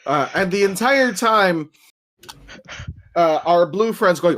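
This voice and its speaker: Slow, unhurried woman game master. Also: fairly low pitch, animated. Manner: unhurried, patient narration with pauses and fillers. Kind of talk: narrating a tabletop game.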